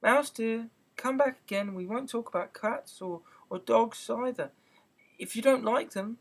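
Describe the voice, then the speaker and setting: An eager, prim young girl rattles on in a bright, raised voice, as a man reading a storybook aloud puts her on. She sounds curious and chatty, rambling from one thought to the next with lively rises in pitch. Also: moderate pace, vocal fry, heavily acted. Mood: sorry. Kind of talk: amateur audiobook reading.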